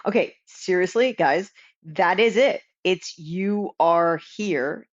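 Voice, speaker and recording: A woman hosting a podcast interview, chatty and quick to laugh. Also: lowish voice, dull audio. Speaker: podcast host.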